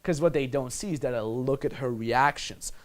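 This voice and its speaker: A man's voice: medium pitch, normal speed. A man coaching the listener on dating in a casual, blunt manner, swearing freely and calling the listener "my friend". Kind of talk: instructional monologue.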